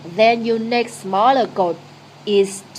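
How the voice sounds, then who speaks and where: A woman whose first language is Vietnamese, teaching an English lesson in a slow, repetitive, encouraging way. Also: fairly high pitch, darkish tone, a little hiss or hum.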